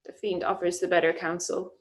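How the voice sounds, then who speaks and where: A woman's voice: lowish voice, little pitch movement, fairly quick, lightly acted. A woman playing a young male clown servant who argues comically with himself, acting Shakespeare over a video call. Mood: comic. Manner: comic, bouncy, playing all the inner voices.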